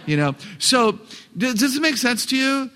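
A man's voice: extremely high pitch, very animated, normal speed, pushed and bright, slight background noise. A man giving a live talk to parents, joking and asking the audience questions. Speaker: parenting seminar speaker.

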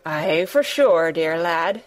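A woman's voice: mid-range voice, expressive, takes it slowly. A woman reading a storybook, voicing a kindly middle-aged mother who speaks tenderly. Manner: tender, tremulous.

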